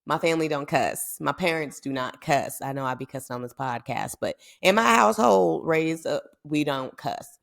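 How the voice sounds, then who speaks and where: A young woman from the United States telling a story in a chatty, animated way as a podcast host. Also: deep voice, normal speed, vocal fry, few pauses. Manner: chatty, animated, lots of fillers. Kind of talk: casual storytelling.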